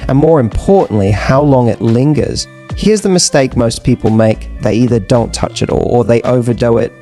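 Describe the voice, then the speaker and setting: A man giving scripted dating advice narration in a measured, persuasive way with emphatic repetition. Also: medium pitch, dark tone, soft background music.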